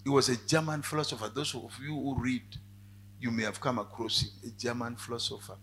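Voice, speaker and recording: A male preacher giving a sermon, dropping to quiet asides and then rising to loud, emphatic cries. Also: medium pitch, steady tone, brisk, slight background noise.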